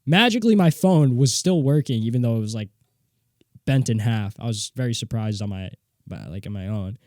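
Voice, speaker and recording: A young man hosting a solo podcast, telling a story in a rambling, animated way, swearing casually, from a home studio. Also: medium pitch, brisk, no room sound. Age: young adult. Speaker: podcast host. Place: home studio with guitar and mixing board.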